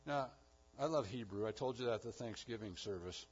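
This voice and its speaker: Husky male preacher, loud then hushed. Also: a little fast, highs cut off. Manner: emphatic preaching, swinging between loud declarations and hushed low lines. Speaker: pastor. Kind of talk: sermon.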